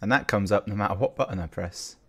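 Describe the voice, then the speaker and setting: A man's voice: fairly low pitch, quick pace, a bit bright, breathy edge. A man giving casual, dry and sarcastic commentary while playing a game. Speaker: let's play commentator.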